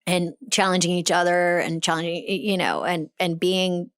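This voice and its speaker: A woman in her fifties with a Boston accent, hosting a casual interview chat, chatty and quick to laugh, recorded close on a studio mic. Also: fairly low pitch, flat delivery, a bit bright, smooth, no echo. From Boston area. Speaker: podcast host.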